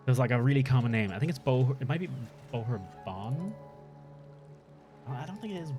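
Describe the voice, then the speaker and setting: A young man with an Irish accent chats his way through a game stream, rambling from one thought to the next and swearing casually. His voice sits at a middling pitch but swings lively up and down as he talks, with faint music underneath. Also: a little fast. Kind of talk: casual live-stream chat while gaming.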